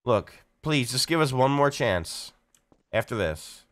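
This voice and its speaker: A man's voice: medium pitch, expressive, fairly bright tone. Pleading, stammering man in game chat. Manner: pleading, fast-talking, joking, stammers with restarts. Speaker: streamer playing a roleplay game. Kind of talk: casual gaming voice chat.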